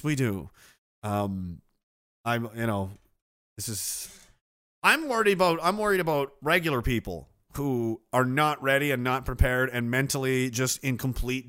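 A man's voice: mid-range voice, fairly bright tone. A man hosting a live show, ranting sarcastically with lots of swearing and reading out viewer comments. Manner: profane, sarcastic, reads chat comments aloud. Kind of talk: casual livestream rant.

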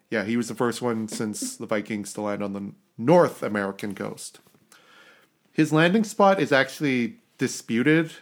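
A Canadian man talks through history on a casual podcast, his voice sitting at an ordinary middle pitch. He rambles, restarts his sentences and chuckles at his own jokes as he goes. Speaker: podcast host.

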